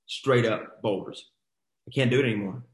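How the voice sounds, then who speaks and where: A man's voice: medium pitch, normal speed. Emphatic motivational man in an echoey room. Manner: emphatic, exhorting, repeats phrases. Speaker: host of a coaching boot camp. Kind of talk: motivational storytelling.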